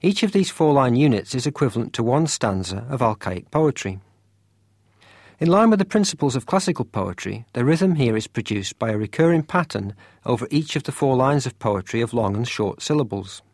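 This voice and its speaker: A man giving scripted educational narration as a course lecturer, with a measured and clear explanatory delivery. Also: mid-range voice, animated, darkish tone, dry recording, studio quality.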